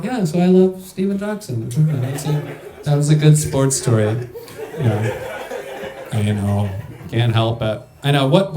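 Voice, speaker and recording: Young man, stand-up comic, slightly high voice, echoey club room. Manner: loose, chatty, laughing through punchlines. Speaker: stand-up comedian. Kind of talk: stand-up set with crowd work. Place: comedy club stage.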